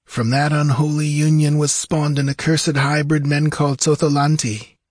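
A man voicing a mocking, ageless male sorcerer in a storybook reading, slow and theatrical. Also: a little high, flat delivery, no echo, clean studio sound, voice pushed up, natural voice. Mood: ominous.

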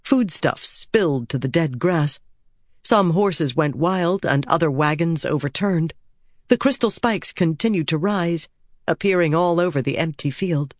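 An audiobook narrator reading a fantasy story in a measured, steady way and voicing its characters. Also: mid-range voice, no room sound, studio quality. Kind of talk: scripted narration.

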